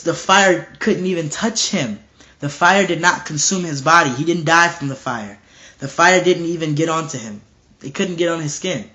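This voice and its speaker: A man preaching casually and earnestly, often stumbling and repeating words as he talks, now and then acting out bold dialogue. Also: fairly high pitch. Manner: animated, acts out bold dialogue. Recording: dull lo-fi recording.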